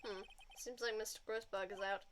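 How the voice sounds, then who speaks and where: A woman's voice: medium pitch, steady tone, a little fast. Woman streamer reading game lines. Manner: casual, playful, with hesitant fillers. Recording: game music behind.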